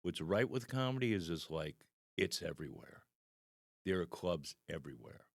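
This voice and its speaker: A man's voice: low-pitched, normal speed, no room sound, studio quality. A man in his sixties, a stand-up comedian guest, telling anecdotes animatedly in a casual podcast chat. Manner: animated storyteller, acts out the people in his anecdotes.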